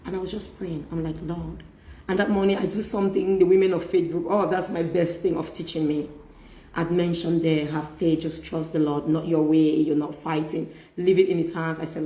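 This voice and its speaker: A middle-aged woman hosts a casual faith-based chat, telling a personal story in an animated way and often laughing as she quotes herself. Her voice is mid-range and brisk, and the room sounds echoey.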